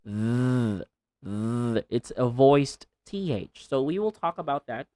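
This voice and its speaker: A man teaching English pronunciation in a casual video lesson, repeating sounds slowly and with exaggerated care, with chatty asides. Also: mid-range voice, lively intonation, mellow. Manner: slow, over-articulated modelling of sounds, chatty asides. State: sweating under a panda hoodie hat.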